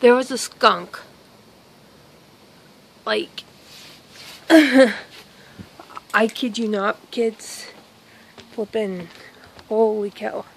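A woman's voice: a little high, very slow, vocal fry, long pauses, a little hiss or hum, poor audio. A woman vlogger telling a story in a casual, rambling way, outdoors in a yard and filming on a phone she holds herself, with lots of exclamations and self-interruptions.

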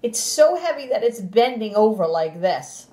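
A woman teacher reading a picture book aloud to young children, animated and expressive, with gasps and playful sound effects, then giving the class instructions. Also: medium pitch, moderate pace. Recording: roomy echo.

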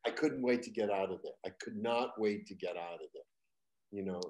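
An older man from Boston with a trained neutral American accent, a guest comedian telling stories in an interview and slipping into loud put-on local voices for punchlines. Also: fairly low pitch, a little fast, a crowd in the background. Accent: General American, trained out of Boston. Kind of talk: interview storytelling.

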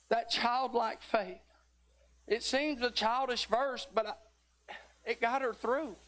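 A man's voice: high voice, a little slow, a bit bright. A middle-aged man, preaching a folksy sermon that builds into fervent exhortation. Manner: tired near the end.

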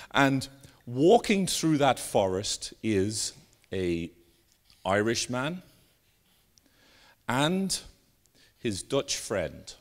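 A man giving a live keynote talk, telling stories and jokes with animated, sweeping emphasis. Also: medium pitch. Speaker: keynote speaker. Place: conference stage with an audience.

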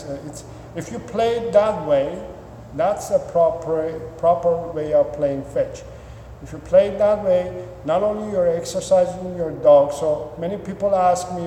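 A man's voice: a little high, mellow, a little hiss or hum. Instructive man in an echoey room. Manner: instructive, repetitive, many fillers. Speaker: dog trainer. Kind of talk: answering viewer questions. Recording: echoey room with long reverb.

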